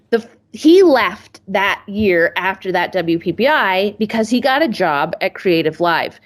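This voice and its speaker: A woman guest on a podcast telling a casual story about her career, self-mocking and acting out what others said with sudden high-pitched quotes. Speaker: podcast guest, family photographer.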